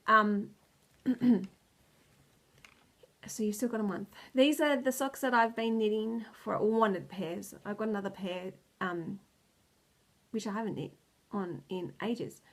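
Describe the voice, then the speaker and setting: Speaking at a measured pace with frequent pauses, a woman with a medium-pitched voice chats casually on her knitting video podcast. She's worn out and stressed to the point of near tears, rambling, losing words and often laughing.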